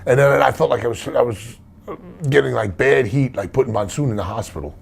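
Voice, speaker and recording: Gravelly-voiced man telling rambling stories. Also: mid-range voice, a little fast. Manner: rambling anecdotes with many restarts. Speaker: wrestler guest. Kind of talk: casual interview storytelling.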